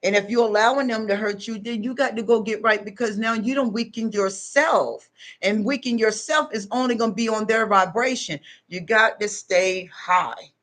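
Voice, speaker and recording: A woman's voice: medium pitch, normal speed, fairly bright tone. Emphatic middle-aged woman preaching to followers. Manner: emphatic, preachy, talks straight to viewers. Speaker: spiritual self-help vlogger. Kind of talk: unscripted motivational monologue to followers.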